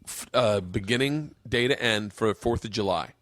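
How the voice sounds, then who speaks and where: A man hosting a podcast, chatting casually, swearing freely and telling stories with lively acted-out quotes. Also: fairly low pitch, normal speed, no echo, clean studio sound. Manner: animated storyteller, swears freely, acts out quotes. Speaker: podcast host.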